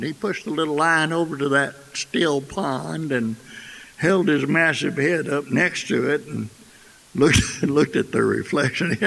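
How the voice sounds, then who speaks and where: A folksy male storyteller trading lines of a folktale on a festival stage. His voice is gravelly and bright, and he goes slowly with lively turns of pitch. A long hall echo hangs on it over a faint hiss. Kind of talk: tandem folktale telling.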